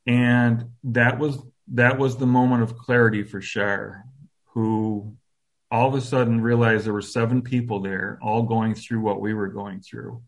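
A man in his fifties telling a personal story as an interview guest, reflective and halting, with soft self-deprecating humor. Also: medium pitch, flat delivery.

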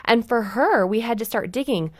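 A woman's voice: on the high side, moderate pace, no room sound, clean studio sound. A woman in her thirties, a guest on a radio talk show, explaining parenting ideas earnestly with casual fillers. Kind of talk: conversational radio interview.

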